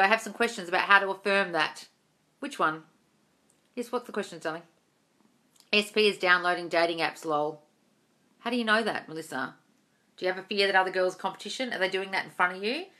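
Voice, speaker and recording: Bright, blunt woman coaching live. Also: mid-range voice. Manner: chatty, blunt, calls viewers darling, swears casually. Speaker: manifestation coach. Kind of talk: live-stream Q&A, reading comments aloud. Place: home room. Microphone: phone or webcam on a live stream.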